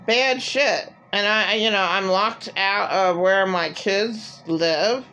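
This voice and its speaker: A woman's voice: medium pitch, takes it slowly, sharp tone. A middle-aged woman talking in an agitated, rambling personal monologue full of filler words. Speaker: vlogger.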